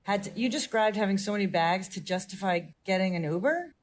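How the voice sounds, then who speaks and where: Woman cohost, mid-pitched voice, cuts in with dry teasing questions. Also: lively intonation, fairly quick. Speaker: podcast co-host. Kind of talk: casual chat.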